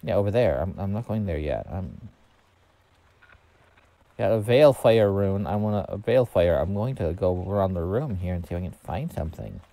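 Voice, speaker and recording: A man streams a game and chats to his viewers in a low, mellow voice. He rambles and thinks aloud, filling pauses with ums. The sound is close and dry, with no room around it. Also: animated, creaky, no echo. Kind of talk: casual gameplay commentary.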